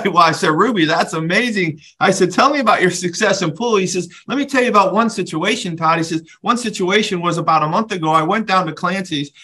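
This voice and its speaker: Male podcast host, high and bright voice, animated storyteller acting out both sides of a chat.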